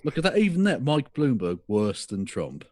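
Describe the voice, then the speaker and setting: A man's voice: medium pitch, sing-song, normal speed, darkish tone, no echo, studio quality. A man co-hosting a casual podcast chat, sarcastic and mocking, swearing freely. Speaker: podcast co-host.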